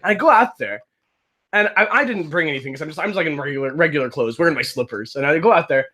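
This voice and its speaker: An animated young man chats on a casual podcast, his pitch sitting a little high and swooping all over as he tells a story. His voice has a bright, forceful edge, and he keeps restarting himself and slipping into the voices of the people in his tale. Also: fast. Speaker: game master and podcast host. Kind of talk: casual chat, telling a story.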